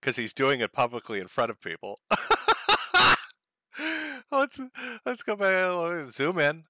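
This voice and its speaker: A man's voice: a little high, big pitch swings, a little slow, sharp tone, no room sound. A man hosting a stream, giving sarcastic, profane commentary on a video clip. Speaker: stream host.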